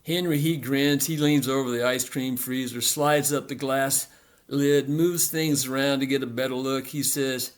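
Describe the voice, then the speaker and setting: A man narrating a literary story in a rhythmic, repetitive, deliberate delivery. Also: medium pitch, fairly even intonation.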